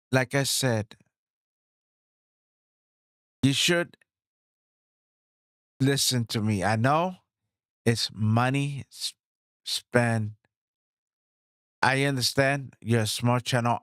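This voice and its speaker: A man chatting in a casual vlog about his new microphone setup, excited, repeating himself and talking straight to viewers on a studio mic. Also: mid-range voice, no echo. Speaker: streamer reviewing his gear. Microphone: studio microphone, swapped between two.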